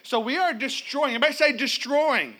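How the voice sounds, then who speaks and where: High, bright-voiced pastor preaching. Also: male voice, fairly quick. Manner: animated, humorous storytelling with calls to the congregation. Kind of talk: sermon. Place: church.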